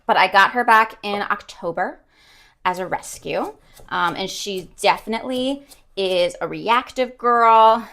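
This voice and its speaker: A woman's voice: on the high side, moderate pace, a bit bright. A young woman streaming, chatting casually, rambling and giggling with many ums.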